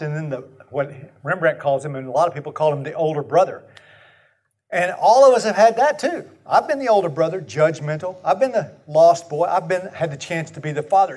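A man in his sixties preaching a sermon in a conversational way, asking the congregation questions. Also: on the high side. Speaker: pastor.

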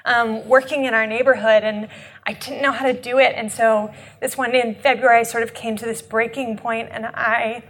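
A young woman's fairly high voice tells a personal faith story through tears. She speaks haltingly, pausing often on fillers and restarting her sentences. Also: fairly even intonation. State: tearful. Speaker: nonprofit director. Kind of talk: personal testimony.

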